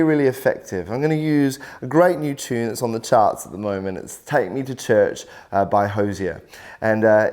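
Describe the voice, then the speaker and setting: A man teaching singing in a video workshop, explaining clearly and encouragingly, step by step. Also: medium pitch, darkish tone. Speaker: vocal coach.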